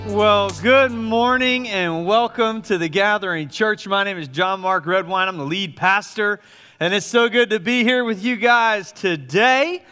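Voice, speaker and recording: A chatty man in his thirties, pastoring from the pulpit with a bright, ringing voice that hangs in a long hall reverb. He talks a touch high and jokes at his own expense. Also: a little slow, clean tone, soft background music. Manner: chatty, joking, self-deprecating. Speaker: lead pastor. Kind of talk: casual sermon announcements.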